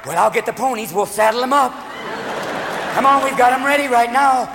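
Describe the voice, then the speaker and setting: A man's voice: very high voice, a little fast, gravelly, noisy background, pitched above the performer's own voice. A man doing a folksy, eager impression of an old actor-president, recorded live in an echoing hall. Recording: live club mic, echoing hall, crowd.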